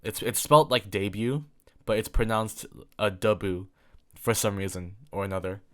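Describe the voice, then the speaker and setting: Brisk and sharp-toned, with a lowish voice, a late-teen podcast host from England chats on his own, rambling with lots of fillers and repeated words.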